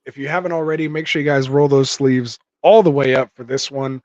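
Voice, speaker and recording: A man's voice: mid-range voice, fairly even intonation, brisk, a little mellow, no room sound. A man hosting a live fantasy football stream, chatting casually with viewers and reading their comments aloud with lots of fillers. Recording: dull dry lo-fi mic.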